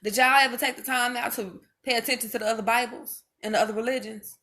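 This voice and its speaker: A woman's voice: fairly high pitch, steady tone, fast talker, pushed and bright. A mother speaking straight to her viewers in an impassioned monologue, emphatic and preachy, hammering home each point by repeating it.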